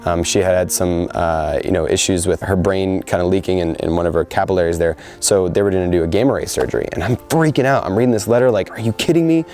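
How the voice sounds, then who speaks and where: In a sit-down interview before his deployment, a young American soldier in his twenties speaks quickly and from the heart, his low, mellow voice peppered with "you know" and "um." Soft music plays faintly in the background.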